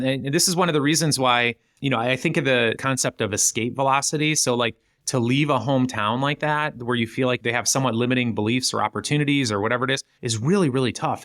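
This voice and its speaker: A middle-aged man appears as a guest author on a podcast, chatting casually and with lots of animation. Whenever he acts out quoted voices, his pitch jumps up. The recording is dry and studio quality.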